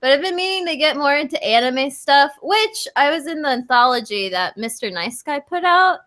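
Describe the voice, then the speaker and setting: A tipsy woman with a high, bright voice chats on a casual group podcast. She giggles and rambles loosely, and her speech runs a little loose around the edges. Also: lively intonation, normal speed. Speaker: podcast guest, streamer.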